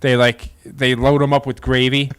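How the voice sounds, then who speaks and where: A man's voice: medium pitch, little pitch movement, normal speed, clear, resonant tone, dry recording. Teasing man in casual podcast banter. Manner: joking, teasing, tells rambling anecdotes. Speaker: podcast co-host.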